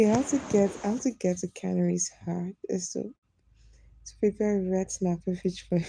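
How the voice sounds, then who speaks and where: A woman's voice: mid-range voice, moderate pace, gravelly, mellow, no echo, poor audio. A woman live-streaming, chatting casually with viewers, teasing them and laughing often as she reads their comments.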